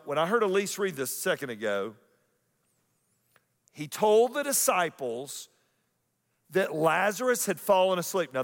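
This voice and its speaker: A man preaching a sermon as pastor, swinging between loud, slow emphasis and hushed, intimate lines, repeating key phrases. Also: on the high side. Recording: long hall reverb.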